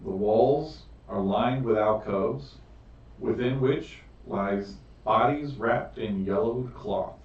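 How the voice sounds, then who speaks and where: A man narrating a tabletop game as game master, reading scene descriptions slowly and deliberately. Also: fairly low pitch. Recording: echoey room, far from mic, dull.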